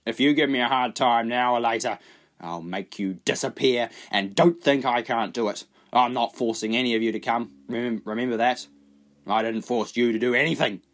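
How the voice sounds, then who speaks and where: A man's voice: mid-range voice, fairly bright tone, close to an everyday voice. A man doing a sneering, menacing smuggler. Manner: sneering, threatening. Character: cruel bullying male people smuggler. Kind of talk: audiobook character voice.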